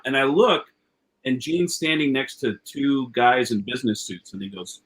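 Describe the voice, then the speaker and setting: Comedian guest in his forties with an average-pitched male voice. Lively podcast storyteller. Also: normal speed, poor audio. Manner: lively anecdotal storyteller, casual swearing.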